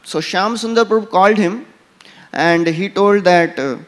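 A man's voice: high voice, a little slow, fairly bright tone. A man with an Indian English accent giving a scripture class and telling stories, with frequent "you know" fillers. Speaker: temple lecturer. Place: large temple hall. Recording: temple hall with long reverb.

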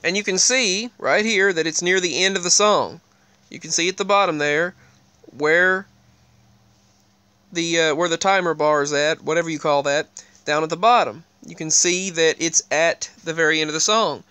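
A man with a fairly high, smooth and clear voice chats casually to his viewers. He rambles and restarts his sentences as he points them to things on the screen. The sound is close and dry, with no room echo. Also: moderate pace, sharp tone. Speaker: video creator. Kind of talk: casual talk to camera.

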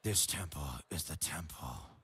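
A booming, very low trailer narrator drawls each phrase slowly in a hushed, dramatic tone. Steady background noise sits under the voice. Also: male voice, heavily acted. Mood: solemn. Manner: slow, dramatic, hushed delivery. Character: deep solemn male movie-trailer narrator.

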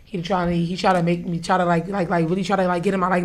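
Podcast guest, woman from Harlem, slightly low gravelly voice, defiant. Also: fairly quick. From Harlem, New York. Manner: defiant, argumentative. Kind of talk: heated casual podcast banter.

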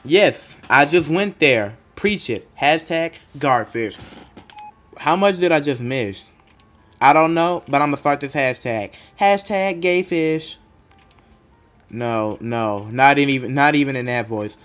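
A man giving live gameplay commentary in a jokey, excitable way, bursting into loud outbursts and then muttering low. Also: measured pace, faint music behind. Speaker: gaming commentator.

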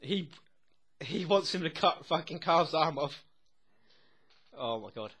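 A young man giving live reaction commentary, his fairly high voice jumping around wildly in pitch. He swears freely and breaks into laughter between remarks. He sounds casual and excitable throughout. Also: takes it slowly, pauses often, husky. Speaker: TV episode reactor.

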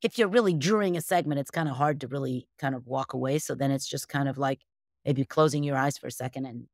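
A woman's voice: very deep voice, fast, dry recording, clean studio sound. A woman from the United States, a guest on an interview show, answering casually and rambling with lots of fillers and restarts. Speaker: guest, bridge champion.

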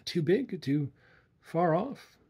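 A jumpy, irritable young city man, as a male reader raises his voice for him. He speaks high and tense, with a husky edge, as in a read-aloud story. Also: very animated, dark tone, exaggerated voice. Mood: nervous. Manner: higher, tense and quick.

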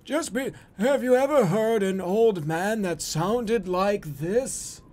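A man's voice: high voice, slow pace, a little mellow. A man commenting on a horror game while he plays, joking and crudely mocking the voice acting. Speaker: streamer playing a horror game.

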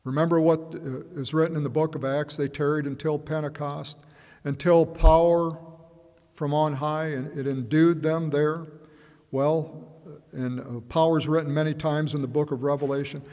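A man's voice: on the high side, fairly even intonation, dark tone. Man preaching in a reverberant church. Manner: measured, musing, hesitant with fillers and repeats. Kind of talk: sermon.

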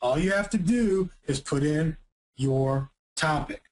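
A man giving an energetic marketing presentation, emphatic and punchy, often asking rhetorical questions. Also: on the high side, slow pace, rough recording.

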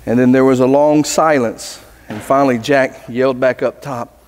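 A man's voice: medium pitch, steady tone, normal speed, a little mellow, long reverb tail. A man preaching as a pastor, earnest, telling a story with voices. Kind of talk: sermon. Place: church sanctuary.

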